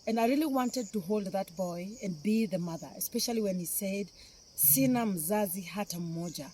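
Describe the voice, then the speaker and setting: A middle-aged woman with a Kenyan accent speaks on camera as a philanthropist, and her appeal is heartfelt and emotional, with phrases repeated for emphasis. She talks a little fast, in a warm, medium-pitched voice, with slight background noise.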